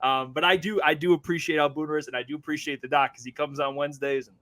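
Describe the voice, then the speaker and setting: A man's voice: fairly high pitch, steady tone, fast talker, a bit bright. A man hosting a sports podcast, talking loosely and profanely between laughs. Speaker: podcast host. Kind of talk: casual sports chat.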